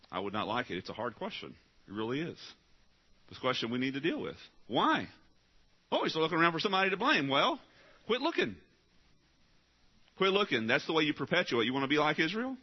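A man preaching a sermon, reading scripture and driving his points home, alternating loud rising pleas with quiet, low asides. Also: very animated, fast, long pauses, breathy edge, muffled recording. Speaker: pastor.

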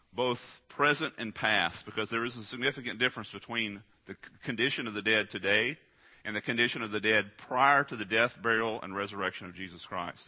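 Emphatic preacher with a dull, lo-fi sound. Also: male voice, on the low side. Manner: direct, emphatic, asks the audience questions. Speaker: pastor. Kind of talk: sermon. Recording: dull lo-fi recording.

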